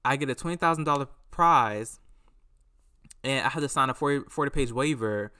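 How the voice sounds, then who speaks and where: Bright-voiced man rambling on a podcast. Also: medium pitch, brisk. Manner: rambling, animated, acts out quotes. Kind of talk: casual solo commentary.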